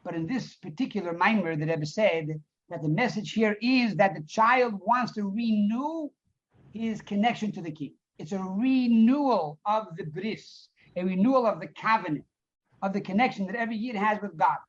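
A man's voice: sits high, normal speed. Male rabbi teacher, storytelling class, translates line by line, muffled lo-fi sound. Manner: reads Hebrew phrases, then translates and elaborates; storytelling, repeats words for emphasis. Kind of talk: Torah class on a Hasidic discourse. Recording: dull lo-fi recording.

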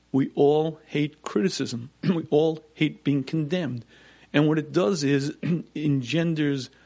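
Rabbi guy w/ teaching torah, keeps clearing his throat, kinda high voice. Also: a little mellow. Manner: clears throat often, emphatic repetitions. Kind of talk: Torah lecture.

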